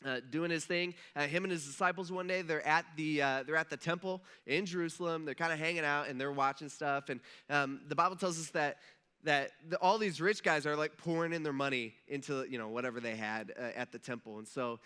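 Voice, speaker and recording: A pastor preaches to his church in a relaxed, chatty way. He tells the story like he is talking with friends and gives the people in it their own lines. His voice is a little high and very bright. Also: brisk, clean tone. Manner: casual, storytelling, acts out quotes. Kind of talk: sermon. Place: church auditorium.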